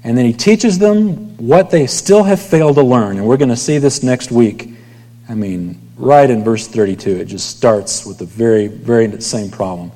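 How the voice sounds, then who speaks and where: A man's voice: mid-range voice, normal speed, warm tone. A male pastor preaching a sermon in a conversational way, often trailing off to near whispers at the ends of lines. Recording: long hall reverb.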